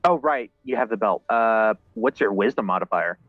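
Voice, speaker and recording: A man's voice: fairly low pitch, normal speed, no echo, soft background music. A man running a tabletop game online, talking hesitantly while checking his notes. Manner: hesitant, lots of uh and okay. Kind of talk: casual banter at the game table. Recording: dull lo-fi online call audio.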